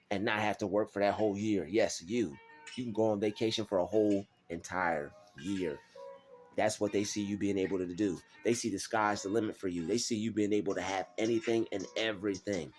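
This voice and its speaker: Low-voiced guy w/ aave preaching motivation, faint music behind, gets real animated. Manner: preachy, animated, acts out doubters in mocking voices. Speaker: motivational vlogger. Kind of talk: faith-based motivational talk.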